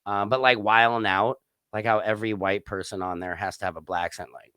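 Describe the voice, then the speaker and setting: A man's voice: lowish voice, fairly even intonation, brisk, bright, forceful tone, smooth, no echo, studio quality. A man who is a guest on a podcast, chatting casually and joking playfully around a running gag. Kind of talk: casual chat.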